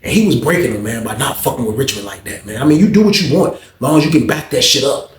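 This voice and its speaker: A man's voice: mid-range voice, lively intonation, quick pace. A man casually telling a story full of slang and profanity, talking straight to his viewers in a roomy echo.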